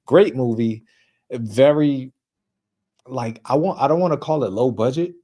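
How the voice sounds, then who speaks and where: A man's voice: mid-range voice, a little slow, warm tone. A man from New York co-hosting a casual movie talk show, rambling with many restarts and filler words. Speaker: co-host. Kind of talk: casual chat.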